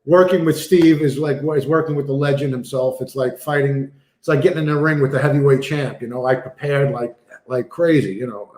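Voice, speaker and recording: A man's voice: mid-range voice, a little fast, echoey room. A man, an actor guest telling stories in a casual interview with lots of fillers. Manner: animated storyteller, many fillers. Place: remote video call.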